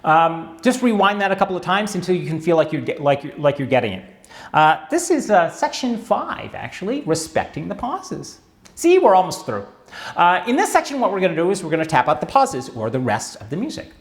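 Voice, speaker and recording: A man's voice: sits high, very animated, a little fast. A man teaching a tango music lesson in a chatty way, with wry asides and frequent "all right" check-ins. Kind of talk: instructional video lesson.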